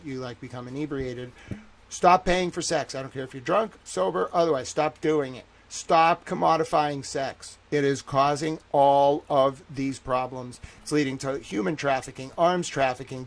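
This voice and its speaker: Man, Boston accent, livestream host, gravelly voice, heated pleading rant, swearing. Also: medium pitch. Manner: pleading and repetitive, swearing, slows to stress each word. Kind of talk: impassioned solo livestream rant.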